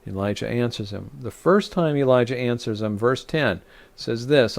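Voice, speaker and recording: A man's voice: medium pitch, normal speed, creaky. A man, a rabbi, teaching a Torah study, reading scripture aloud and explaining it with frequent restarts and fillers.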